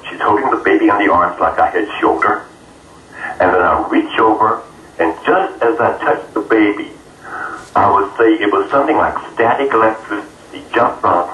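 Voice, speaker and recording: A man being interviewed, telling a personal story in an earnest, halting way with many fillers. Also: on the low side, fairly bright tone. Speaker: interview guest. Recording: roomy, distant mic, faint noise.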